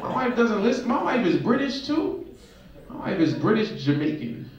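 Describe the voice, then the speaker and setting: Animated male stand-up comic in a club. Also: high-pitched, normal speed, dull audio. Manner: animated storytelling with mimicked voices. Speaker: stand-up comedian. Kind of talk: stand-up routine on stage. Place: comedy club stage. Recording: roomy club sound with loud crowd, mic at a distance.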